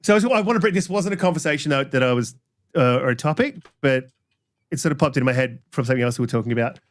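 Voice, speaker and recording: A man hosting a gaming podcast in casual chat, rambling with many fillers and restarts, quick to apologize. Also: medium pitch. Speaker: podcast host.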